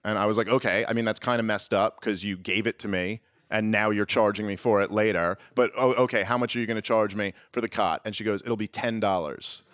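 A man's voice: on the low side, a little fast, few pauses, no room sound, clean studio sound. Man telling an exasperated stand-up story. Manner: animated, climbs to near-shouting exasperation when acting out arguments. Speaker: stand-up comedian.

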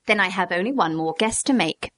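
A woman with a mid-range voice reads a dialogue aloud, expressive and clear, her voice lifting in the questions. The recording is dry and close, with no room sound. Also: medium pitch, fairly quick, no echo. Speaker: narrator. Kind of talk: read-aloud dialogue narration.

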